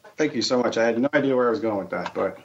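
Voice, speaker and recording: A man's voice: mid-range voice, rapid-fire, vocal fry, a crowd in the background. A man chatting casually on a podcast, hesitant and self-effacing, with many fillers. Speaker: podcast co-host. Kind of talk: casual chat. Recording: dull lo-fi audio with faint noise.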